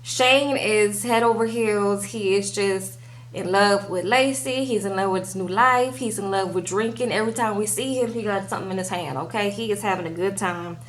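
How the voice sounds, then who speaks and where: Slight background noise sits under this young woman's medium-pitched voice as she recaps a reality TV episode at a moderate pace for her vlog. Her tone is chatty, she adds "okay?" to her sentences, and she acts out the cast's lines.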